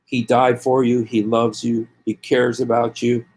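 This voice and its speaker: A man's voice: medium pitch, level tone, unhurried, a little mellow, slight background noise. A man preaching passionately to his viewers, hammering the same phrases again and again and leading them in prayer. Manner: calls listeners to pray along with him. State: angry. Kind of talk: impassioned preaching to camera.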